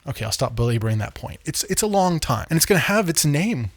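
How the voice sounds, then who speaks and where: A man's voice: fairly high pitch, animated, fairly quick, no echo, studio quality. A man giving a casual, conversational history lecture, repeating points for emphasis.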